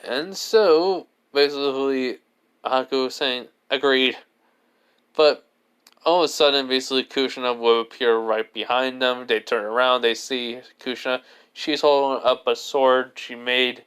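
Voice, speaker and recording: A man's voice: medium pitch, steady tone, moderate pace, fairly bright tone, smooth. A man telling an improvised fan story, rambling and leaning heavily on filler words and restarts. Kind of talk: improvised fan fiction narration.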